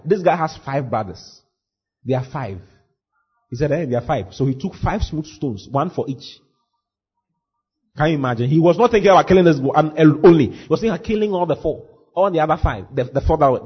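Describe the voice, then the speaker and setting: A husky-voiced man preaching a sermon as pastor, acting out scenes and shouting at the peaks. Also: mid-range voice, dull audio.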